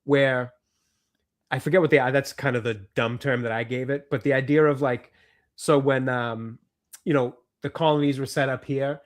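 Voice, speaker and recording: A man's voice: mid-range voice, steady tone, normal speed. Boston man musing with many restarts. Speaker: film podcast co-host. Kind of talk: casual chat.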